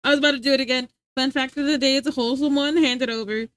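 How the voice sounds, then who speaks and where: High, animated American woman streamer. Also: no echo. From United States. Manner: animated, rambling, quick to laugh. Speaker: livestreamer. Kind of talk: casual chat with viewers.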